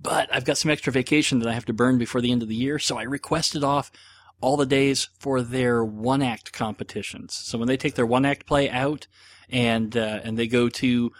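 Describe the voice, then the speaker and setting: A man's voice: medium pitch, fairly even intonation, normal speed, dry recording. Chatty middle-aged man, dry close mic. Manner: rambling, chatty, self-deprecating, many fillers. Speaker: podcast host answering listener questions. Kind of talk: casual chat.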